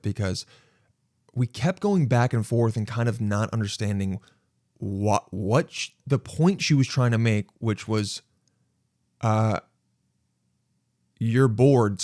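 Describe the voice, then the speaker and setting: A man's voice: normal speed, no room sound. Guy from LA podcasting solo, chatty storytelling, dry close sound, voice jumps way up when he quotes people. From Los Angeles. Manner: animated, acts out quotes with sudden high jumps. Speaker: podcast host. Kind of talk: casual storytelling monologue.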